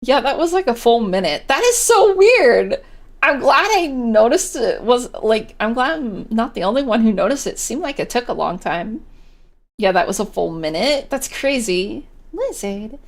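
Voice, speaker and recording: A woman's voice: a little high, lively intonation, moderate pace. A woman livestreamer chatting casually, giggly, with lots of filler words. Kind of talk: casual live-stream chatter. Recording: clear background music.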